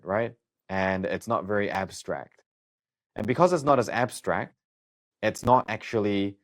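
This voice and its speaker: A man going through students' study notes and explaining them in a casual, thinking-aloud way. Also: lowish voice. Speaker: study coach.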